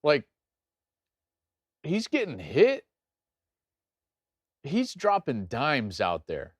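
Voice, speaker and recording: A middle-aged man hosting a live football watch-along, commenting excitedly on plays and telling stories he acts out loudly. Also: fairly high pitch, very slow, pauses often, no echo, clean studio sound. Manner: animated, jumps into loud acted-out anecdotes. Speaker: host and game analyst.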